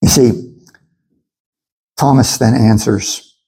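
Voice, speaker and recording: A man preaching a sermon in an animated way, acting out the voices of his listeners as he goes. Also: fairly high pitch, a little slow, low-quality recording. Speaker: pastor.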